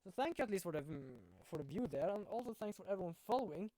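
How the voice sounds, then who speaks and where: A man's voice: high-pitched, fast talker, dry recording. A man streaming a video game, chatting casually with viewers and thanking them. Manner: rambling, thankful, lively. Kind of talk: casual live-stream chat.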